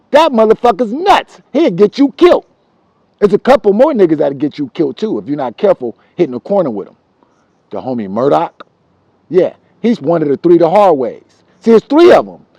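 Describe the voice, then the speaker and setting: A man telling street stories from his childhood in a casual, profane, animated way, repeating himself for emphasis. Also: high voice, moderate pace, gravelly, no echo, poor audio. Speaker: storyteller.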